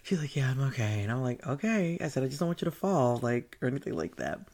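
A man recounts a personal anecdote in a loose, chatty way. He acts out the other people's lines, laughs often and swears freely. His voice sits at an ordinary middle pitch. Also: fast talker. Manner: animated, laughing, swearing, acting out quoted voices. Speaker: storyteller. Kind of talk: casual anecdote.

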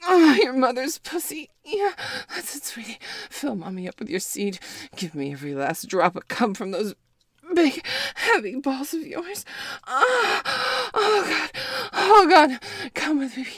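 A woman voicing a breathy, possessive adult woman. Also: a little high, very animated, moderate pace, dry recording, heavily acted. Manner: breathy, moaning, partly whispered. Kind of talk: adult audio role-play.

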